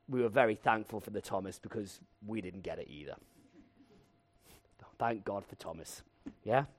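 A man preaching a lively, humorous sermon and acting out voices to tell the story. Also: mid-range voice, no room sound.

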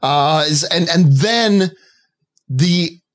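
A man with a slightly raised pitch co-hosts a casual movie podcast. He tells his stories with open emotion and enthusiasm, building up to the moments he loves. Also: animated, drawn-out words. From Canada. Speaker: podcast co-host.

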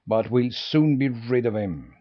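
A man voicing a big, shaggy, irritable old watchdog in a storybook, barking his words gruffly. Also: medium pitch, animated, unhurried, lo-fi sound, lightly acted.

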